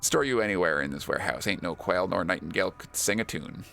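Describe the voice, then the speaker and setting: A man voicing a gruff, sly male gang boss in a put-on cowboy drawl, reading game dialogue aloud. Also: low-pitched, animated, quick pace, bright, forceful tone, pitched below the performer's own voice, full character voice. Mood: folksy, gruff. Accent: put-on American cowboy drawl.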